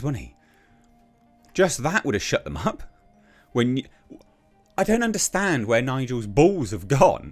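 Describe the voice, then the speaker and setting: A man giving casual political commentary, blunt and exasperated, with mocking sarcastic asides. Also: medium pitch.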